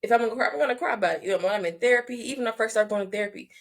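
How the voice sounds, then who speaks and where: A woman in her thirties hosting a casual conversation, talking reflectively and haltingly, often restarting her sentences. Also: on the high side, creaky.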